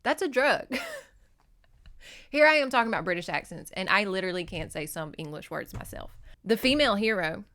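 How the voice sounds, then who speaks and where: A woman's voice: medium pitch, very animated, normal speed, a bit bright. A woman from Louisiana, recapping a novel in a chatty, sarcastic podcast style with plenty of swearing. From Shreveport, Louisiana, US. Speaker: podcast host. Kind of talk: casual comedic book recap.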